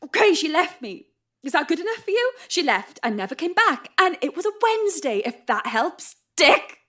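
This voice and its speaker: An actress playing a sarcastic, sharp-tongued young woman who swears often and stays defiant while frightened. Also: mid-range voice, lively intonation, a little slow. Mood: panicked. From Wales. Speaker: traveler at a strange customs desk. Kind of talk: audio drama acting.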